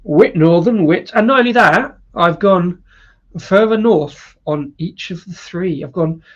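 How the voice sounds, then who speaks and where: A man's voice: sits high, a little slow, dull audio. A man hosting a casual live-stream beer review, rambling with lots of fillers and chuckles. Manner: rambling, with many fillers and laughs.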